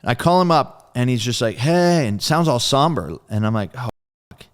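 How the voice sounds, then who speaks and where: Man, smooth resonant voice, mid pitch, casual storytelling guest, acts out quoted friends, laid-back and profane. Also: big pitch swings, fairly quick. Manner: loose and profane, full of "like". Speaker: guest drummer.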